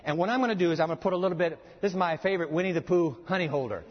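A man preaching a sermon with a live demonstration, folksy and animated, joking with the audience in a church hall. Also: high voice, racing. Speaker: pastor. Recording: dull, long-reverb hall sound.

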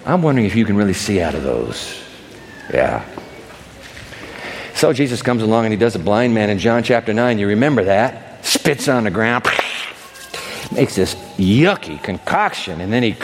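A man preaching a sermon to a congregation, telling a story with lively acting and asides. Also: mid-range voice, big-room sound, a little hiss or hum. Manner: animated storytelling, acts out characters. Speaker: pastor. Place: large church hall with long reverb.

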